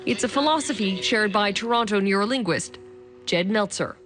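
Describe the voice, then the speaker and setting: A woman in a mid-range voice narrates a news feature with a measured, scripted delivery. Clear background music runs under her reading, giving it a polished broadcast feel. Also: mid-range voice, a bit bright. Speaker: narrator, reporter.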